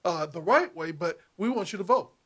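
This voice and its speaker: A man with a fairly high voice co-hosts a political talk show. He speaks emphatically and hammers his points home through repetition, rising in intensity like a preacher. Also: animated, normal speed, bright, forceful tone. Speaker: co-host.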